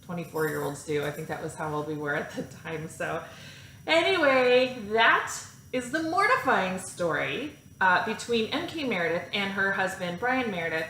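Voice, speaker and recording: A woman in her thirties tells a personal story straight to her viewers in a casual, animated way. She mocks herself and laughs often as she goes. Her voice sits at a middle pitch and echoes around the room. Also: moderate pace, a little hiss or hum. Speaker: vlog host telling a personal story. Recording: echoey room with faint ambience.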